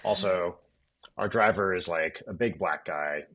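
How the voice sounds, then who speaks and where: A man's voice: low-pitched, a little slow, a bit bright. A man co-hosting a podcast, telling a road story in a dry, wry, casually profane way. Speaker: podcast co-host.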